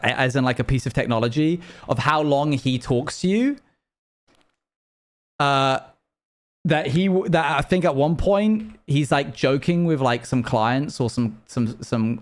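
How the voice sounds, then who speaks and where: A man live-streaming a game, chatting loosely to his viewers and rambling from one thought to the next. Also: fairly high pitch. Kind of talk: casual live-stream chat while gaming.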